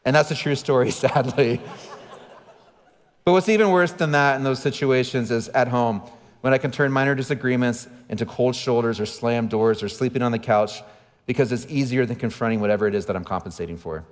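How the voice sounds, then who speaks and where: A man in his thirties preaches from the stage, candid and self-deprecating, with a middle-pitched voice. His sermon goes out over a church livestream, and the big room leaves a long reverb trailing after each phrase. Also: brisk. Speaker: pastor. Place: large church auditorium.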